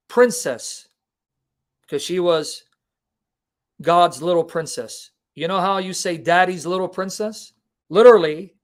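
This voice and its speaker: A man preaching in a livestream Bible teaching, impassioned and emphatic, firing rhetorical questions at his listeners. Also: high voice. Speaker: Christian preacher and apologist.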